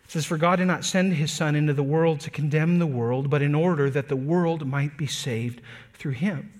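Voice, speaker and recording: A man preaching a sermon to his church, earnest, slowing down and lifting his voice to stress key points, then dropping soft and quiet. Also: a little high. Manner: earnest preaching, slows and lifts voice for emphasis; drops to soft, quiet delivery on tender points. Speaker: pastor.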